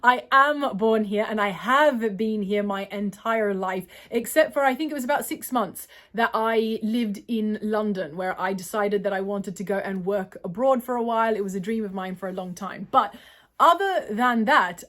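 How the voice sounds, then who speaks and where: A woman's voice: medium pitch, normal speed, a bit bright. A young adult woman from Australia answering viewer questions in a casual, long-winded way, often correcting herself. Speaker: vlogger and poet. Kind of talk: casual Q&A chat.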